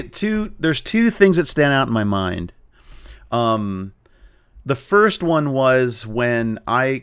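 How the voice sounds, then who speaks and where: A man, a cartoonist being interviewed, telling anecdotes in a relaxed, animated way, with frequent fillers and restarts. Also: medium pitch, smooth. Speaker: guest, cartoonist and tabletop game player. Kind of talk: casual storytelling interview.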